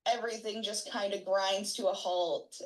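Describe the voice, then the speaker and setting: A woman's voice: mid-range voice, steady tone, normal speed, poor audio. A young adult woman, an honors student, telling her personal story in a casual way with many fillers. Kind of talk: personal account.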